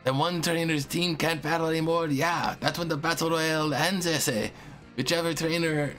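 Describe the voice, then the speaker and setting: A man voicing a boisterous masked male luchador showman with a put-on Mexican accent, reading game lines with drawn-out hype calls. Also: on the high side, steady tone, fairly bright tone, soft background music, lightly acted. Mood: hammy. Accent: Mexican Spanish, put on. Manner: drawn-out hype announcer calls with "ese" tags. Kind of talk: reading game dialogue aloud in a voice.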